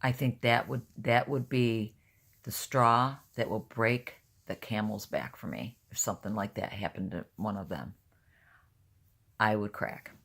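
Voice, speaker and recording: Gravelly-voiced older woman, blunt. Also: extremely low pitch, fairly bright tone. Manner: blunt, rambling, openly emotional. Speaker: vlogger. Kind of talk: casual talk to camera.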